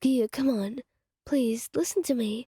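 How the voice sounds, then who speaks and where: A woman voicing a sensitive, tearful partner in a whispered role-play, speaking softly and pleadingly. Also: a little high, measured pace, slightly rough, no echo, clean studio sound. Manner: pleading, soft.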